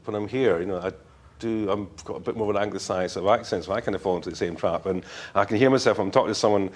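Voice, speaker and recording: Scottish author, middle-aged, low voice, chatty and full of fillers. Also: male voice, rapid-fire. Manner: rambling, frank, many fillers and restarts. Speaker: author guest. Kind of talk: casual interview talk.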